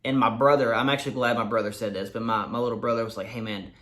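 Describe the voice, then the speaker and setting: A young-sounding man talks quickly and excitedly, his sentences running together as he tells a story to his camera. His pitch sits in the middle, and he swears freely in a casual, loose way. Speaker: vlogger.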